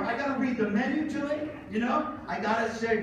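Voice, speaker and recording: A man's voice: very high voice, fast talker. A man giving a motivational conference keynote, telling stories with humor and acting out the dialogue. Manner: animated, humorous, acts out dialogue. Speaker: keynote speaker. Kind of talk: motivational conference speech with storytelling. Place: large conference hall. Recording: echoey hall, voice from far off, faint noise.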